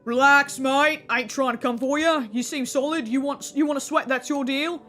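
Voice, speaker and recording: A mouthy, combative street stranger. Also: male voice, extremely high pitch, steady tone, moderate pace, pushed and bright, soft background music. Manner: slangy, picks fights, calls people mate. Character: grumpy, mouthy male stranger, confrontational. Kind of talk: video game voice acting.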